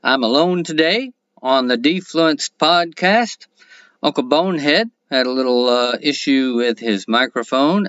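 A man's voice: a little high, a bit bright, no echo, highs cut off. A man hosting a solo podcast, talking plainly and counting his points off one by one. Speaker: podcast host.

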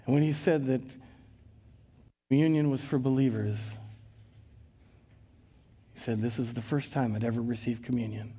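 A man with a Minnesotan accent preaching a sermon in a church, earnest, reading scripture with dramatic rises and leading prayer in a hushed voice. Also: mid-range voice, steady tone, moderate pace, long pauses, breathy edge. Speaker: pastor. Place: church sanctuary.

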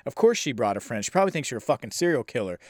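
A man's voice: medium pitch, very animated, very fast, no echo, studio quality. Rambling sarcastic man reviewing a film. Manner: rambling, profane, sarcastic, acts out quotes. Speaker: horror movie reviewer. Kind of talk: casual movie review.

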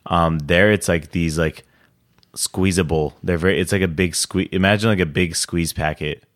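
A man's voice: sits low, fairly even intonation, moderate pace, fairly bright tone. A young man co-hosting a podcast, chatting in a rambling, enthusiastic way with many fillers. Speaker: podcast co-host. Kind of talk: casual chat.

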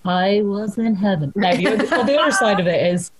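A young Irish woman in casual chat, telling an animated story, acting out the quotes and laughing often. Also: medium pitch, fairly quick, background noise. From Ireland.

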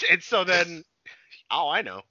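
A man's voice: high voice, sing-song, slow, sharp tone, no room sound. A young man chatting casually, retelling a show in a rambling, profane way and acting out its lines. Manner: rambling, profane, laughing, acts out quotes. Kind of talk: casual chat recapping a show. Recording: dull dry lo-fi audio.

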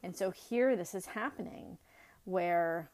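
A woman's voice: lowish voice, slow pace, a little mellow, slight background noise. A middle-aged woman earnestly telling a personal family story, reflective, with many fillers and restarts.

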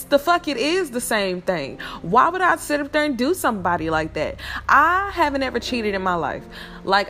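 A woman's voice: on the high side, a bit bright. A woman venting in a blunt, heated, profane casual monologue.

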